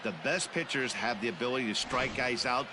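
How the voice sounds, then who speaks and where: A man voicing a video game's color commentator, giving measured, analytical baseball commentary. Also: medium pitch, noisy background, lightly acted.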